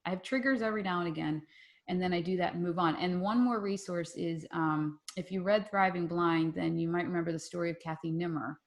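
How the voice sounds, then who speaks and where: A woman in her forties hosting a group call, telling a personal story in a lively way and acting out the voices in her quotes. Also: fairly low pitch, fairly quick. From Philadelphia area. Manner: animated, acts out voices in quotes. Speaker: mastermind group host.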